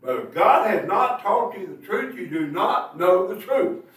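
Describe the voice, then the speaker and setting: A male preacher with a high, animated voice delivers a sermon, tossing rhetorical questions to his listeners and hammering home his points. He sounds set back from the mic, and the church room echoes heavily around him. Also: measured pace, far from the mic. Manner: rhetorical tag questions, emphatic bursts.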